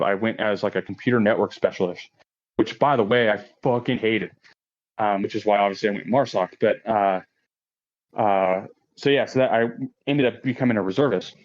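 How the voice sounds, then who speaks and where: A man in his late thirties, a podcast guest, telling a story in a casual, profane way, laughing often and acting out quoted lines in a raised voice. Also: lowish voice. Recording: dull lo-fi podcast audio.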